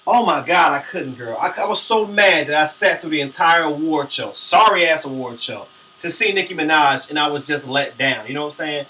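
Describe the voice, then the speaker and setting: Man, sassy gossip rant, high voice, distant from the mic. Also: moderate pace, few pauses, bright, forceful tone, slight background noise. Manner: sassy, brash, dramatic. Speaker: vlogger. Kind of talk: profane celebrity gossip rant.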